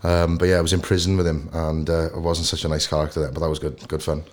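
A Welsh actor in his thirties, a guest in a casual podcast interview, telling lively anecdotes. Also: rumbling low, quick pace. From Wales. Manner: animated storyteller who acts out anecdotes.

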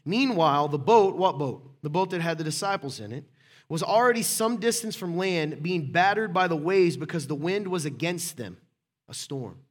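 A man preaching a sermon in a casual, conversational way, joking with people in the room by name and swinging between loud and hushed. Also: a little high, lively intonation, normal speed. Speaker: pastor.

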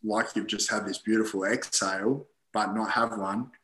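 A man's voice: on the low side, steady tone, normal speed, pushed and bright, echoey room, rough recording. A man, a podcast guest, telling personal stories in casual conversation, rambling with many fillers and frequent swearing, acting out his own past thoughts.

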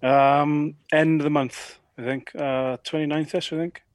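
A man from Wales, a rugby player, answering questions in a relaxed, hesitant way with many pauses. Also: fairly high pitch, dry recording. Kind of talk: interview answers.

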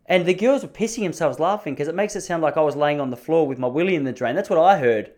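A man, hosting a podcast and telling funny stories in a casual, self-mocking way. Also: quick pace. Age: 30s. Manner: animated, self-mocking, pitch jumping up for emphasis. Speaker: podcast host. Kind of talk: casual comedic storytelling.

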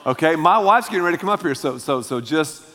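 A man's voice: on the high side, fast talker, big-room sound, a little hiss or hum. A male pastor preaching a sermon, joking and speaking directly to the congregation. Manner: animated, joking, addressing the congregation.

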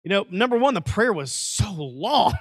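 High-voiced preacher in a dry room. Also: male voice, moderate pace, breathy edge, dry recording. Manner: lively preacher, folksy asides and acted quotes. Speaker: pastor. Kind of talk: sermon.

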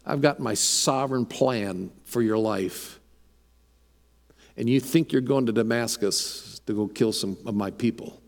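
A man voicing the risen Jesus as a calm, commanding figure, speaking low, slow and firm. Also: vocal fry, long reverb tail.

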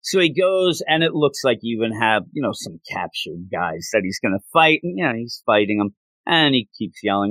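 A man casually retelling a comic story, animated and jumping into quick character voices as he goes. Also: lowish voice, dry recording.

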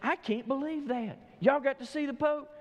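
A woman's voice: low voice, normal speed, mellow, long reverb tail, highs cut off, close to an everyday voice. A male preacher voicing an incredulous woman hairstylist in a joke told from the pulpit. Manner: incredulous, nosy questions. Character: surprised chatty woman hairstylist.

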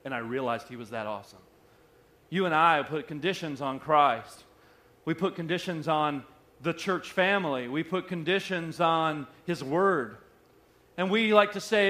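High-voiced man preaching a sermon. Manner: preaching, swings from soft and slow to loud. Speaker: pastor.

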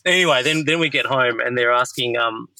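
A man in his thirties hosts a relaxed podcast conversation, wandering through his thoughts and leaning on filler words. His voice is bright and forceful. The sound is dry and close. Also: mid-range voice, brisk, no room sound, low-quality recording. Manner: rambling, heavy use of filler "like". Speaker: podcast host. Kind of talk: casual conversational chat.

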